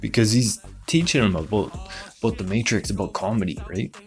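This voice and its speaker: A low-pitched man riffs through a rambling comedic conspiracy monologue, stacking fillers and asides while jumping into quick put-on voices for other people. Faint music plays underneath him. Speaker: comedy show host.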